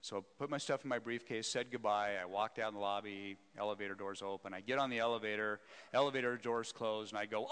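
A man who leads a seminary, telling a story in an animated, self-mocking way during a teaching talk. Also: mid-range voice, fast, hardly any pauses, clean tone. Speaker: seminary president, speaker. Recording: echoey hall.

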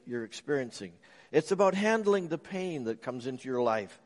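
A man preaching a sermon as a pastor. He tells stories, swinging from loud emphasis to soft, low asides. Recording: long reverb of a large hall.

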